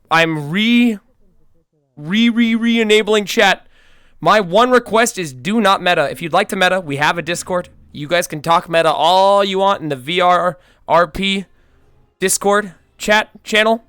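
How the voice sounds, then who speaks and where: A man streaming live, chatting casually and excitedly to his viewers before a roleplay. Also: high-pitched, unhurried, smooth, no room sound, studio quality. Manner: excitable, loose and chatty with swearing. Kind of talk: casual livestream chat.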